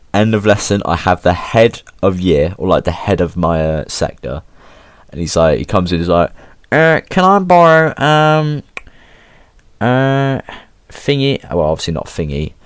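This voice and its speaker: English teen guy ranting about school, low voice, swears loads, chill and slangy, dead dry recording. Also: moderate pace, darkish tone, no room sound. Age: teens. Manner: slangy, swears a lot, laid-back. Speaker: vlogger. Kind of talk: casual storytelling.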